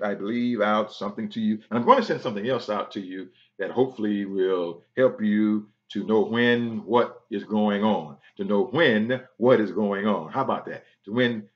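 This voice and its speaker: A male pastor runs through church announcements, dropping an amen or a praise the Lord after nearly every phrase. The sound is dull and lo-fi, like an online service stream. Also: lowish voice. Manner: punctuates with frequent amens and praise the Lords; breaks into singing.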